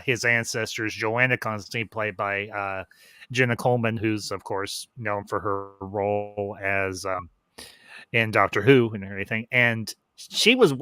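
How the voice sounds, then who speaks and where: A man's voice: lowish voice, sharp tone, smooth, no echo. A man hosting a casual review chat, rambling and restarting as he recalls details. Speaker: host.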